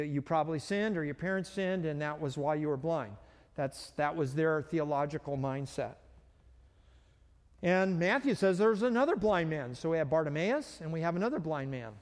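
High-voiced male pastor in a reverberant hall. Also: darkish tone. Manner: conversational, with frequent fillers and restarts. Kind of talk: sermon.

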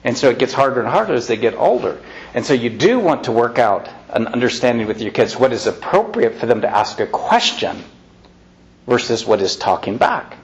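A man's voice: mid-range voice, sing-song, a little fast. A man giving informal parenting advice to an audience in a folksy way, acting out quoted lines as he goes. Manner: folksy, acts out quoted lines with shifting loudness. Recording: dull lo-fi recording.

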